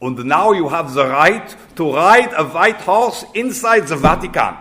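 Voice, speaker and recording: A man's voice: on the high side, expressive, a little slow, pushed and bright, voice pushed up. A man imitating an elderly, jovial German cardinal with a heavy German accent, in a playful and teasing tone.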